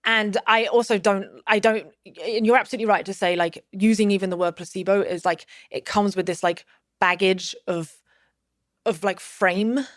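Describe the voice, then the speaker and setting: A woman's voice: medium pitch, fairly even intonation, moderate pace, no echo. Woman telling a story in a dry room. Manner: rambling, many fillers and restarts. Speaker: podcast guest. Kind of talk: casual storytelling conversation.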